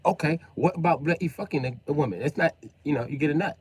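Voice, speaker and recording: Husky profane gaming streamer man. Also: a little high, fast, no room sound. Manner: profane, joking rambling storyteller. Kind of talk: casual gaming livestream chat.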